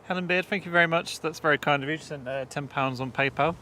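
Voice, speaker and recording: A man hosting a casual live plane-spotting stream outdoors at an airport, chatty and quick to laugh as he reads viewer messages. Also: on the high side, bright, forceful tone, a little hiss or hum. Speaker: live stream host reading chat.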